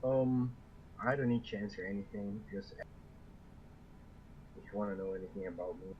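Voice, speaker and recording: A man playing a tabletop role-playing game speaks in character in a lowish voice. He hesitates and fills his pauses with "um". His mic sounds dull and lo-fi, with a faint hiss behind him. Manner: hesitant, with many "um"s. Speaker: player.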